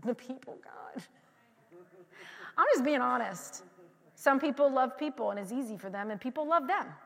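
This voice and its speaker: A woman pastor with a high, bright-pitched voice preaches in a loose, candid, conversational way, telling personal stories and often restarting her sentences. She drops to near-whispered confiding and then swells into loud, emphatic declarations. Her voice carries a long, echoing reverb, as in a large church hall. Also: brisk, creaky. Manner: swings between quiet confiding and loud emphatic passages. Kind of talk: conversational sermon.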